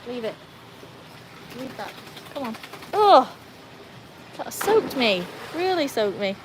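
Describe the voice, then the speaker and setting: A woman from Wales chatting casually with livestream viewers outdoors by a pool, breaking off to scold and cheer her dogs in a high sing-song voice. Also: very animated, unhurried, background noise. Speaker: livestream host.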